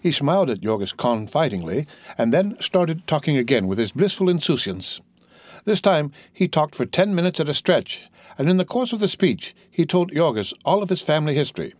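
A male audiobook narrator reads with a husky grain and a lively, animated melody. His delivery is expressive and storytelling. The recording is dry and close. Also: on the high side, moderate pace, no room sound. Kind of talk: scripted narration of a novel.

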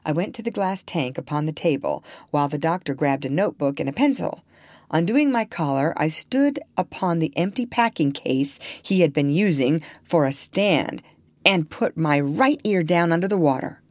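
Woman audiobook reader, clear storytelling delivery, expressive melody. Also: low-pitched, normal speed, no echo. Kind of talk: audiobook narration.

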